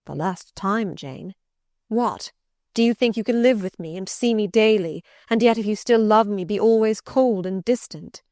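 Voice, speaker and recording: Woman playing a brooding intense gentleman, urgent and commanding, lowered voice, dry close audiobook sound. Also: moderate pace, dry recording, close to an everyday voice. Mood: bitter pleading. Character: passionate brooding gentleman, middle-aged man. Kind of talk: audiobook character reading.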